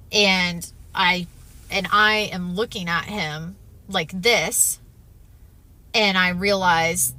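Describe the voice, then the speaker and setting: A woman telling a personal spiritual testimony in an earnest, emphatic way, often pausing with "um" and "if you will". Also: fairly low pitch, sharp tone. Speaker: storyteller sharing a near-death experience.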